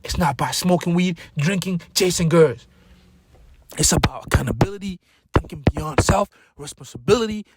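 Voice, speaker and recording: A man giving an impassioned motivational speech, preaching with loud emphatic peaks and repeated key words. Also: fairly high pitch, vocal fry, husky. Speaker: motivational speaker.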